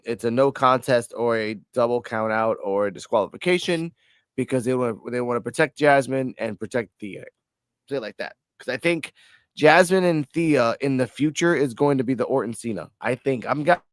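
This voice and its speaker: Man, casual podcast chat, animated, swears freely, middle pitch, dry recording. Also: dry recording. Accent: New York. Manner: animated, acts out wrestlers in high voices, swears freely. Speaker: wrestling show reviewer.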